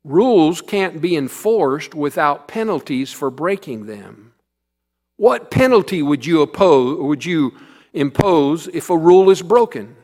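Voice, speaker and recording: A man's voice: fairly high pitch, animated, unhurried, a little mellow, pitched above the performer's own voice. A man doing a firm, kindly schoolteacher.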